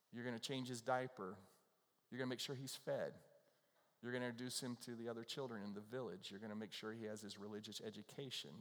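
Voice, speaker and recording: Man preaching in a reverberant hall. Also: medium pitch. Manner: emphatic, repetitive, tag questions to the congregation. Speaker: pastor. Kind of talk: sermon.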